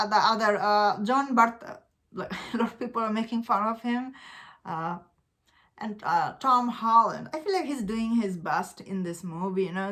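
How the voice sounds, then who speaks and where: Bright-voiced chatty woman vlogger. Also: mid-range voice. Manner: chatty, lots of filler words, laughs often. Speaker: movie blogger. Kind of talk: casual opinion commentary.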